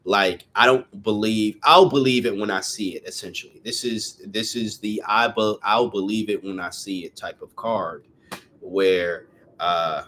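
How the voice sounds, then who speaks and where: A man's voice: lowish voice, fairly even intonation, unhurried, a bit bright, a little hiss or hum. A young man giving a casual tarot reading, chatty and rambling, who sometimes stumbles over his words. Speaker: tarot reader.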